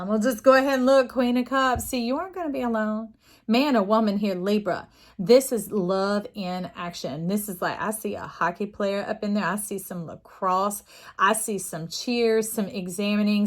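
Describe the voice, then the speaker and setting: A woman doing an intuitive tarot reading, chatting to the listener directly and drifting into lively stories. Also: mid-range voice, moderate pace. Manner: chatty, warm-hearted, digressive storytelling with animated quoted voices; addresses listener directly as y'all and love. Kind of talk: casual spiritual tarot reading.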